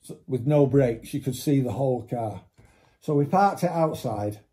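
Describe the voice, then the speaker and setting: A man with a dark, mellow voice spins a rambling road-trip anecdote in easy conversation. He swears often and slips into the voices of the people he quotes. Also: mid-range voice, expressive, normal speed. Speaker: storyteller. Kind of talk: casual anecdote.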